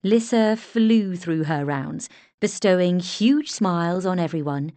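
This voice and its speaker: A woman with a lowish voice narrates an audiobook from a script, keeping her storytelling measured and even. The recording is dry.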